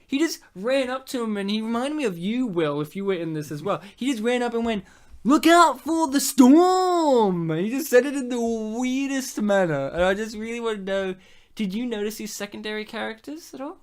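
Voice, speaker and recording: A woman's voice: fairly high pitch, lively intonation, brisk, a little mellow. Giggly, foul-mouthed woman chatting about a film. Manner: giggly, swears a lot, does silly voices. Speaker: podcast co-host. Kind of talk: casual film commentary chat.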